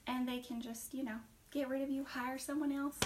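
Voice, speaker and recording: A woman acts out a self-assured acting coach with a put-on Southern accent, rattling off advice in a fairly high voice. She stresses each point and slips into quick whispered asides. Her voice sounds a little distant from the mic. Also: little pitch movement, background noise, lightly acted. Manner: brisk, listy, emphatic with sudden drops to a whisper. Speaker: acting trainer in a class skit. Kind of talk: comedic skit interview.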